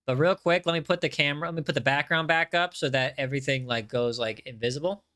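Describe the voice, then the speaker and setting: Male game streamer, casual, talks to chat, bright forward tone, on a desk mic. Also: on the high side, fast. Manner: chatty, reads chat aloud, repeats himself. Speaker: game livestreamer.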